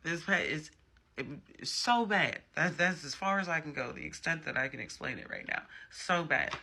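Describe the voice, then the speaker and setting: A man's voice: on the high side, very animated, normal speed, gravelly, bright, forceful tone. A man giving a casual tarot reading, chatty and emphatic, with frequent personal asides. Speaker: tarot reader.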